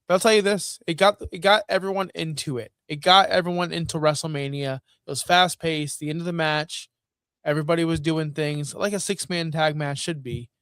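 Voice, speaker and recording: A man's voice: on the high side, fairly even intonation, brisk, fairly bright tone, clear, resonant tone, dry recording. A man co-hosting a podcast, talking casually and thinking aloud as he goes. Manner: conversational, thinks aloud with fillers. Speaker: podcast co-host. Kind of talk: casual wrestling podcast chat.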